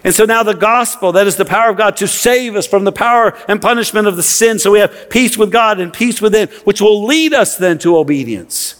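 Impassioned preacher with a high voice. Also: male voice, animated, a little fast, few pauses, a bit bright. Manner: impassioned, repeats words when pressing a point. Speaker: pastor. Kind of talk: sermon. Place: church sanctuary. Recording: long reverb of a large hall.

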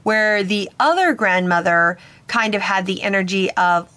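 A woman's voice: medium pitch, a little slow, few pauses, bright, forceful tone, no echo. A woman hosting a podcast as a psychic medium, telling a personal story in an earnest, slightly hesitant way.

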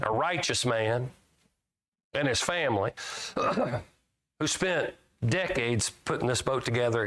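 A man's voice: mid-range voice, a bit bright. Folksy preacher man quoting scripture. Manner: folksy, asks the congregation questions; reads scripture aloud with rising emphasis. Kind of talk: sermon.

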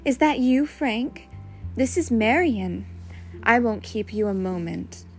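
Narrator doing a charming, playful woman on the phone, pitched up and louder, music behind. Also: expressive, slow. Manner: bright, playful, affectionate on the phone.

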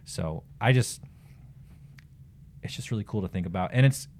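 A man co-hosting a church podcast, speaking calmly and soothingly about scripture and faith. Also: lowish voice, a little hiss or hum. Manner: calm, slow, soothing speech. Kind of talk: casual faith conversation. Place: small room at the church.

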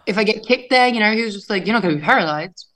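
A woman's voice: mid-range voice, expressive, very fast, a bit bright, low-quality recording. A woman professional wrestler as an interview guest, telling her story casually and animatedly, swearing often and acting out quotes. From England.

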